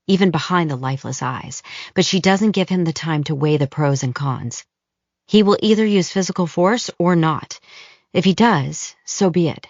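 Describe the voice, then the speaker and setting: A woman narrates an audiobook in a measured, even storytelling manner. Her voice is low. She is close on the mic in a dry space, and the audio is a bit dull. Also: gravelly, no echo. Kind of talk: scripted narration.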